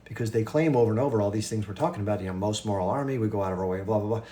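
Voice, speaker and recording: A man in his fifties hosting a livestream and chatting casually with viewers, talking fast with restarts and quick asides. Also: on the low side, warm tone. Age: 50s. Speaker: livestream host.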